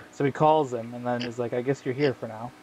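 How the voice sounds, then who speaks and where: A man's voice: medium pitch, steady tone, a little fast, darkish tone, a little hiss or hum. A man hosting a gaming video, telling a long story in casual, profane chat full of slang fillers. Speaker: gaming channel host. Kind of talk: casual chat while racing in a game.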